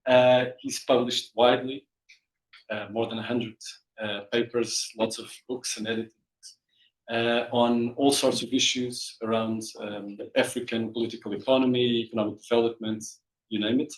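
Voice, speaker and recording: A man hosting a seminar, introducing the guest speaker in a welcoming, halting way. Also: medium pitch, flat delivery, reverberant, poor audio. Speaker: seminar host.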